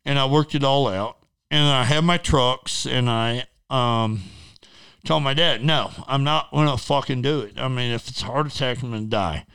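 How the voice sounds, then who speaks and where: A man's voice: mid-range voice, normal speed, a bit bright, clean tone. A middle-aged man, an interview guest, telling a personal story casually in a blunt, profane, rambling way.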